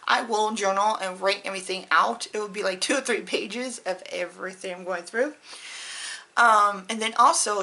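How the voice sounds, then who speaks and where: A woman with a bright, clear voice chats to camera as a beauty vlogger. She rambles in a candid, personal way, addressing her viewers directly and easily. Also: medium pitch, rough recording. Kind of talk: casual chat to camera.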